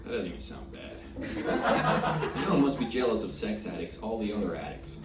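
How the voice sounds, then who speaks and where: A man doing a stand-up comedy set on a club stage, brash and crude, swinging from loud punchlines to mumbled asides. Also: fairly low pitch, animated, brisk. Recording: roomy club sound from far off, loud crowd noise.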